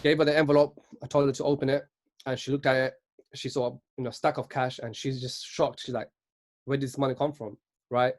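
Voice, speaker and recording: A man's voice: mid-range voice, little pitch movement, fast. A man in his twenties giving an earnest motivational talk at a virtual business event, often checking in with "right?". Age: 20s. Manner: earnest, keeps asking "right?".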